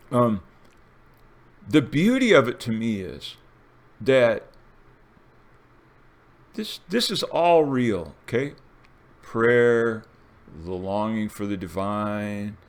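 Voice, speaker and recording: An older man in a casual, rambling monologue, telling a dream story with restarts and animated bursts. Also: medium pitch. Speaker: video essayist.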